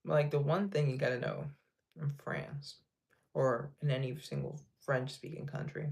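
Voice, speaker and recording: A man running a casual livestream reads viewer comments out loud and rambles easily, laughing at himself. His mid-range voice carries vocal fry, with a steady tone and a moderate pace.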